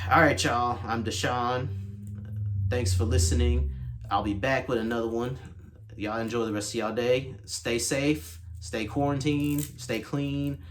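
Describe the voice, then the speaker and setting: A man hosting his own podcast, delivering a casual solo rant that is animated and exasperated, with big jumps in pitch. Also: measured pace, a little hiss or hum. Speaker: podcast host.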